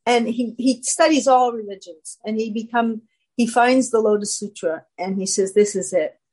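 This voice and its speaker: Husky woman telling a lively story. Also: a little high, moderate pace, poor audio. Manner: animated, acts out quoted voices. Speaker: guest. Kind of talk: casual personal storytelling.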